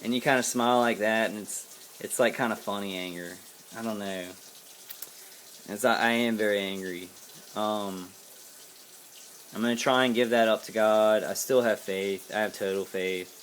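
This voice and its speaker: A man's voice: on the low side, steady tone, moderate pace, pauses often, a bit bright, slight background noise. An American man giving a casual to-camera monologue as a vlogger, angry, profane and rambling with many fillers and restarts. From United States.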